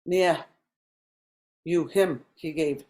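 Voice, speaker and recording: This is a woman's voice, sitting a touch lower than most, as she leads a class online. She explains slowly and patiently, filling gaps with ums while she works through each point. The sound has the feel of a video call. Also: fairly even intonation, darkish tone. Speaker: language teacher.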